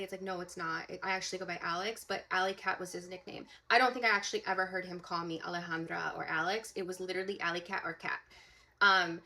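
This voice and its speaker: A woman's voice: medium pitch, pushed and bright. A young woman, a psychic medium, telling a personal story to camera in an emphatic, casual way, full of "like" and "okay?".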